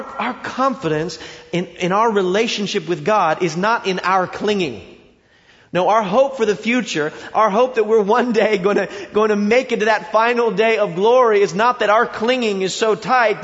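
A high-voiced male preacher delivers an impassioned sermon, rising to loud emphasis and dropping to hushed tones. His voice rings with a long hall reverb, and the recording sounds muffled and dull. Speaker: pastor.

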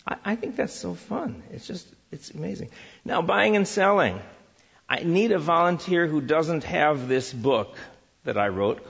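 A man giving a church teaching talk, lively and full of rhetorical questions, who also engages the audience. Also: medium pitch, creaky, big-room sound, lo-fi sound. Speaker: Christian speaker teaching on work and business.

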